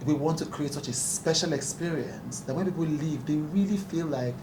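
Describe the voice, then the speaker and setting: A man's voice: on the high side, moderate pace. A man, a talk show host speaking earnestly and emphatically at a press conference, often breaking into laughter. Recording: echoey room, distant mic, background noise.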